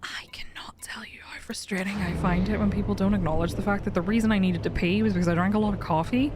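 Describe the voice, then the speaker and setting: A woman's voice: mid-range voice, steady tone, fast talker, background noise. A woman streaming a game live, chatting casually and animatedly, often laughing and swearing.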